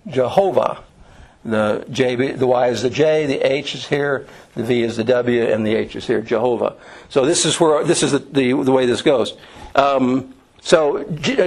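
A man's voice: fairly high pitch, poor audio. A middle-aged man leading an informal Bible study class, lecturing in a conversational way with frequent fillers and restarts.

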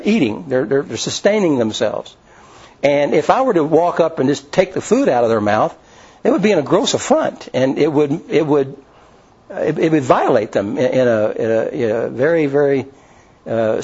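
A man gives a relaxed, conversational sermon in a husky, slightly breathy voice. His way of talking is folksy and plain-spoken, like a preacher talking straight to his flock. The recording sounds dull and muffled. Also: medium pitch.

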